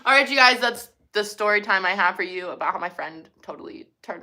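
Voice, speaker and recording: Animated young woman telling a storytime. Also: medium pitch, fairly quick. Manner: animated, swings from loud excited bursts to quiet mutters. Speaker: vlogger. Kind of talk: casual storytime monologue.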